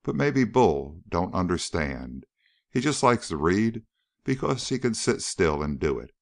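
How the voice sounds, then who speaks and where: A man's voice: low voice, big pitch swings, measured pace, full character voice. A man doing a drawling young backwoods farmhand. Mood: grumbling, easygoing.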